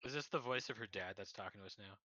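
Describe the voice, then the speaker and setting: Young male player, bright voice, inquisitive and casual. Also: lowish voice, fast, dull audio. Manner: curious, asks questions. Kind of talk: casual chat.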